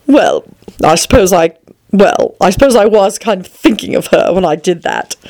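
A woman reading a storybook aloud in a measured, gently theatrical way. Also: medium pitch, animated. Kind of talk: expressive read-aloud storytelling.

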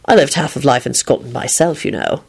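A woman voicing a kindly, nervous man who speaks gently and stammers. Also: very deep voice, lively intonation, brisk, vocal fry, breathy edge, voice pushed down, full character voice. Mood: gentle. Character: kindly nervous man, well-meaning teacher.

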